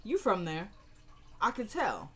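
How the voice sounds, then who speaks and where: A woman's voice: mid-range voice, wildly swooping pitch, a little slow, a bit bright, husky, heavily acted. A woman voicing a haughty, scheming older woman who needles her rival in a condescending way while retelling a TV scene.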